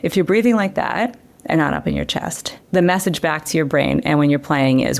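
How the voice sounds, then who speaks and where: A woman guest on an interview show, an educator, explaining brain science in a lively conversational way. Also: sits low, a little fast, creaky. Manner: animated explainer who acts out quotes. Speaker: guest educator and former children's TV director.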